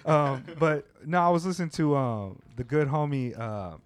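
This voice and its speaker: A man's voice: fairly high pitch, lively intonation, moderate pace, smooth, dry recording, soft background music. A man hosting a podcast, chatting casually in laid-back slang with frequent restarts and "you know what I mean.". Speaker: podcast host. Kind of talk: casual chat. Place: lives in Japan.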